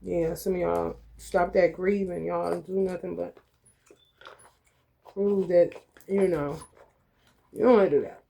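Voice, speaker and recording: A woman's voice: on the low side, steady tone, measured pace, vocal fry, long pauses, warm tone, a little hiss or hum. A woman giving a casual tarot reading. She talks bluntly and profanely, calls the viewers y'all and honey, and laughs often as she tells stories. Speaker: tarot reader.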